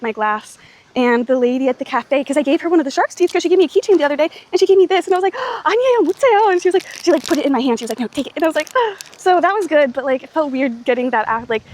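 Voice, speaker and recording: A woman's voice: high-pitched, darkish tone. A young woman chatting to camera in a travel vlog, rambling and self-mocking, with plenty of "like". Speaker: travel vlogger. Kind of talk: casual vlog chat to camera.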